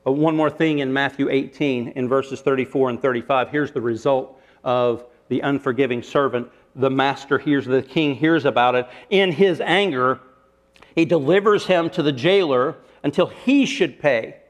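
A man's voice: medium pitch, moderate pace. A man preaching a sermon, retelling a parable with rhetorical questions and shifting emphasis. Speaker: pastor.

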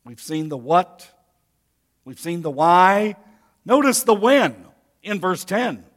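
A man's voice: high voice, big pitch swings, slow. A pastor preaching a sermon to his congregation, talking to them directly in a folksy way. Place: church sanctuary.

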